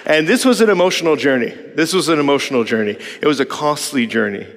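A man casually telling a long family story as a father, animated and acting out his kids' lines. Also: fast, long reverb tail. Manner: animated, quotes his kids in higher voices.

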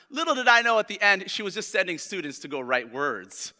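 A man preaching a sermon to a congregation in a church. He reads scripture slowly and with emphasis, asks the congregation questions to draw them in, and speaks with open emotion. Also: high voice, lively intonation, bright, forceful tone. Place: church hall. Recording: long church reverb.

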